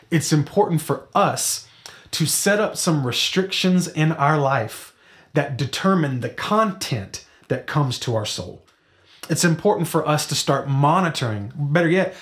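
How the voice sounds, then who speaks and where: A man in his thirties preaching a sermon in a conversational way, asking the audience questions and slowing down to stress key phrases. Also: fairly bright tone. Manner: conversational, rhetorical questions, drops to a low slow emphasis on key phrases. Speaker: pastor.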